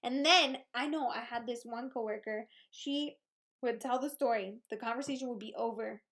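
A woman with a notably high voice co-hosts a casual podcast. She tells animated stories in relaxed slang and laughs often. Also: moderate pace. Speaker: podcast co-host. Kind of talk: casual chat.

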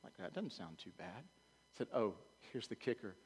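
A male pastor, preaching a sermon and swinging between loud urging and quiet earnest talk. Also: on the low side, very animated, normal speed, husky. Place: church sanctuary. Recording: long hall reverb.

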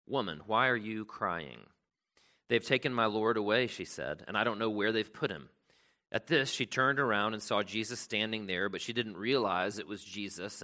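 A man's voice: lowish voice, bright, forceful tone. A man preaching a sermon in a conversational way, often asking "right?" and reading scripture aloud with extra emphasis. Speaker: pastor.

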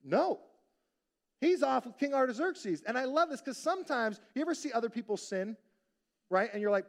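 High-voiced man preaching a sermon. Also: normal speed. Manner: conversational preaching, rhetorical questions, acted-out quotes. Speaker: pastor.

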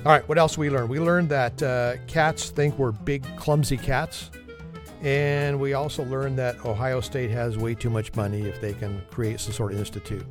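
A man's voice: mid-range voice, fairly even intonation, moderate pace, music in the background. A man hosting a podcast and delivering a humorous monologue in a wry, self-deprecating, conversational manner. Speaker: podcast host.

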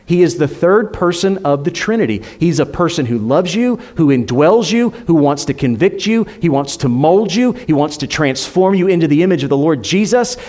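In a church, a high-voiced male pastor preaches emphatically, rising louder on rhetorical questions before dropping to near-whispers for effect.

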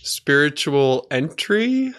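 A man hosting a conversational interview, asking gentle, attentive questions. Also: on the high side, very animated, takes it slowly. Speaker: host.

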